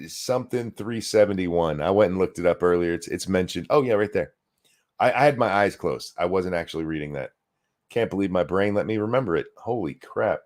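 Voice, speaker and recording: A sarcastic man hosts a live political commentary stream, riffing on clips and reading out donations. His voice is on the low side but leaps around with lively, animated pitch. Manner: sarcastic, animated, thanks donors.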